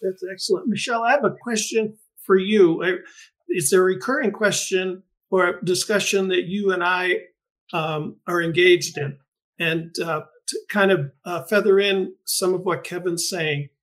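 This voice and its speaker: A man's voice: high-pitched, normal speed, fairly bright tone. A middle-aged man hosting an interview podcast, speaking thoughtfully with frequent restarts and fillers. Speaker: podcast host and greenhouse researcher. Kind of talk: conversational interview.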